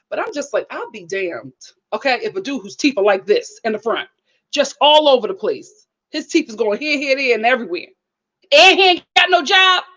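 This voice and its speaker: A woman talks straight to her viewers in a lively, preachy way while she reviews a reality show. Her voice sits a bit high, and she keeps the tone of a casual live chat. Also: lo-fi sound. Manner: animated, preachy, addresses viewers directly.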